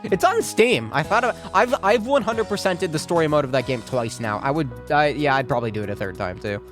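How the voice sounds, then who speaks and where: A man's voice: fairly high pitch, animated, brisk, a bit bright, soft background music. A man streaming a game, commenting casually while stumbling over his words and swearing freely. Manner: rambling, stammering, swears casually.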